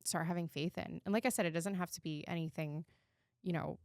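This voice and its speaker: Candid, animated woman podcast co-host. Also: on the low side, brisk, no room sound, clean studio sound. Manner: animated and candid, swears freely. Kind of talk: casual storytelling chat.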